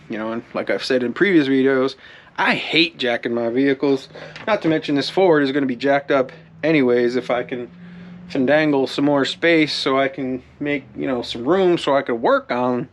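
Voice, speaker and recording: Casual DIY host, male, slightly higher pitch, rambling and winded, easygoing how-to delivery. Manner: rambling, lots of fillers and restarts. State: out of breath. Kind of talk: casual how-to talk to camera.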